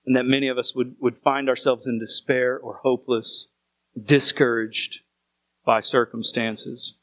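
A man's voice: mid-range voice, level tone, unhurried, fairly bright tone, no room sound, rough recording. Earnest male pastor preaching a sermon. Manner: earnest, repeats phrases for emphasis.

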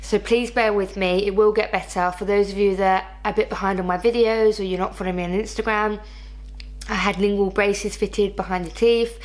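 A woman's voice: medium pitch, steady tone, fairly quick, poor audio. A woman with a noticeable lisp, chatting self-consciously through a casual fashion haul video. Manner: chatty, self-conscious about her speech. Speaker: fashion YouTuber. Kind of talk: casual haul vlog chat.

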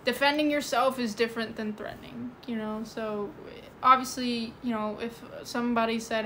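A woman talks loosely into her phone during a livestream, filling her sentences with "like" and "you know". Her voice sits on the high side. A faint background hum runs under her speech. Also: steady tone, fairly quick, pushed and bright. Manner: rambling, full of "like" and "you know". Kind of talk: casual livestream chat. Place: indoors at home.

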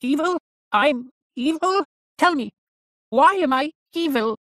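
A man voicing an evil living ventriloquist dummy with a harsh, raspy voice and a gleeful, eager manner, for an audiobook. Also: very high-pitched, animated, takes it slowly, sharp tone, no echo, clean studio sound, exaggerated voice.

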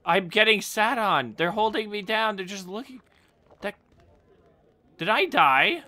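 An excitable gamer narrates their own play, talking to themselves, swearing and yelping when things go wrong. Pitch leaps all over the place, and the tone is bright and sharp. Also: measured pace. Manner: excitable, yelps and shrieks at sudden events; talks to self, swearing and laughing. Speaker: gameplay commentator. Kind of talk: let's play commentary.

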